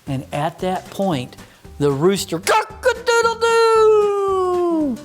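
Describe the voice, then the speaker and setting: A man's voice: on the high side, lively intonation, normal speed, soft background music. A man teaching children a Bible story, patient and mock-stern with a puppet that keeps interrupting.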